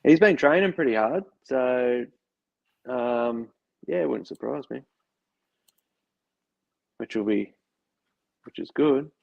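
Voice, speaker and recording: A man's voice: medium pitch, takes it slowly, vocal fry, pauses often, highs cut off. A man with an Australian accent, a podcast guest talking in a laid-back, rambling way on his phone. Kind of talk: casual chat.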